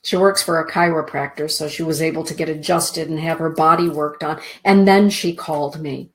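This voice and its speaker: A middle-aged woman hosting a spiritual talk show. She tells a heartfelt personal story and teaches in a gentle, earnest way, often dropping to a soft hush. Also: sits low, fairly even intonation, moderate pace.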